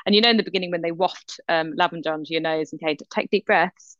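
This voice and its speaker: Animated woman telling a story. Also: fairly low pitch, quick pace, no echo, lo-fi sound. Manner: animated storytelling with lively quoted voices. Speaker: podcast co-host. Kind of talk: casual chat.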